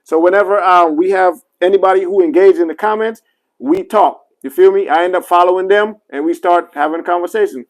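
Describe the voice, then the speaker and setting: Speaking brisk and high, a barber talks directly to his live-stream viewers while reviewing clippers, in a casual manner full of fillers and apologetic asides. The recording quality is rough.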